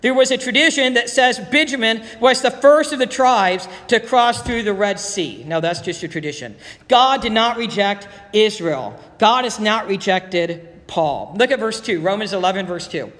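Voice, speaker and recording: A man's voice: high-pitched, animated, moderate pace, fairly bright tone, long reverb tail. A man preaching a verse-by-verse Bible teaching sermon, emphatic and repeating his key points.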